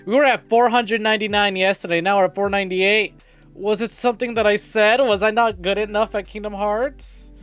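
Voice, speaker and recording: A man's voice: high voice, steady tone, a little fast, a bit bright, smooth, faint music behind. A young man streaming live, greeting his chat over and over and rambling jokily with lots of swearing. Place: home streaming setup.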